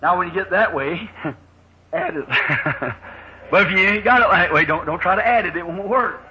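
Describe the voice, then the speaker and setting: A man preaching a sermon in a folksy storytelling manner, acting out the voices in his story with sudden shouted bursts, on a muffled old recording. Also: high-pitched, moderate pace, background noise.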